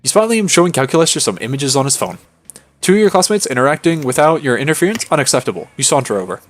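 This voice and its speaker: A man reading out game text on a live stream, casual and loose. His voice sits a little high, and game music runs underneath. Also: big pitch swings, fast talker. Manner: casual, laughing, swearing. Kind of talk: reading a game's text aloud on a livestream.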